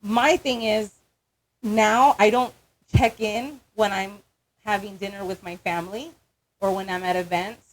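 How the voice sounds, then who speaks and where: A woman's voice: medium pitch, fairly even intonation, a little slow, poor audio. A woman hosting a radio show in the studio, chatting casually and encouragingly with her guest. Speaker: radio host. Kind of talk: casual interview chat.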